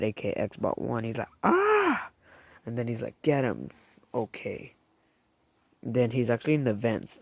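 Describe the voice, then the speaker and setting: Slow, gravelly guy rambling through a recap. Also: medium pitch, a little mellow, no echo. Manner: rambling, chatty retelling with mouth sound effects. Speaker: show reviewer. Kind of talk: casual scene-by-scene recap.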